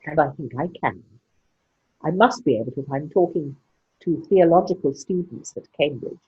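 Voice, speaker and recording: An older woman with a posh, cut-glass English accent, her voice low and deeply husky. She speaks with crisp, deliberate diction and a frank, salty edge. The recording sounds slightly dull and lo-fi. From England. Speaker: interviewee. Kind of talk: conversational interview. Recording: muffled lo-fi sound.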